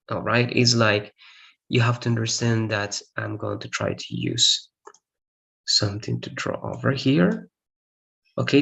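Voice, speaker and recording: This is a man whose first language is Spanish, teaching an English grammar lesson. His mid-range voice carries a gravelly edge. He walks through each point step by step, repeats himself for clarity and often checks in with the class. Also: medium pitch, a bit bright. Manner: explains step by step, repeats points, asks "all right?".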